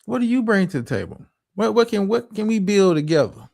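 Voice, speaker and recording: A man hosting a livestream talks in a higher, gravelly voice. He swears a lot, restarts his sentences and lectures his audience on dating. The sound is dry and close. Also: big pitch swings, brisk, darkish tone, dry recording. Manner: profane, stammering restarts, preachy advice. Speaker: streamer host. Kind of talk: livestream reaction commentary.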